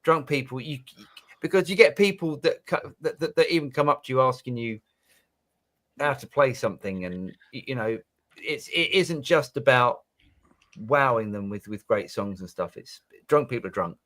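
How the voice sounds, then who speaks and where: A man's voice: medium pitch, animated, moderate pace, a bit bright. A man hosting a live Q&A, reading out viewer questions in a rambling, self-interrupting way. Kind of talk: casual chat.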